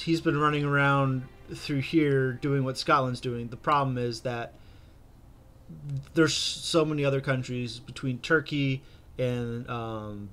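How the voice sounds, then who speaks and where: Young male gaming host, rambling casual commentary, mid-pitched voice, faint music under it. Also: fairly bright tone. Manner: chatty, rambling, with many fillers and restarts. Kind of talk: casual strategy game commentary.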